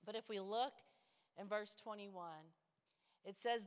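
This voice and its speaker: A woman pastor preaching a sermon in a large church. She swings from hushed, intimate asides to rising, building exhortation. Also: medium pitch, slow, long pauses, clear, resonant tone. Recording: long church hall reverb.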